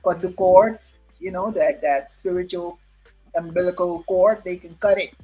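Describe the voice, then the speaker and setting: Brief: slow, musing chatter with hums, faint music behind. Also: mid-range voice, mellow, poor audio. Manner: slow, musing, many hums and small laughs. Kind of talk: casual chat.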